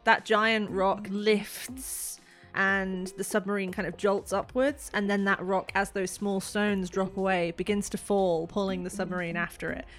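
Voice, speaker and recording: A woman's voice: medium pitch, level tone, measured pace, fairly bright tone, faint music behind. A woman narrating as game master of a tabletop role-playing game, in a loose, chatty way full of fillers.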